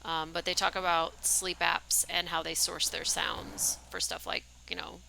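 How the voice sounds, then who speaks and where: A woman's voice: on the low side, flat delivery, unhurried, gravelly, sharp tone, a little hiss or hum, rough recording. A young woman streaming a game, chatting casually and rambling, with lots of "like" and "um". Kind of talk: casual livestream commentary.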